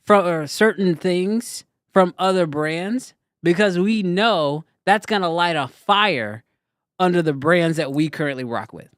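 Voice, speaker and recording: Male co-host, raised pitch, relaxed teasing banter on a dry mic. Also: a little slow, clean tone, dry recording. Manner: playful, laughs often, teasing. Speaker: co-host of a camera gear livestream. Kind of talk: casual livestream banter.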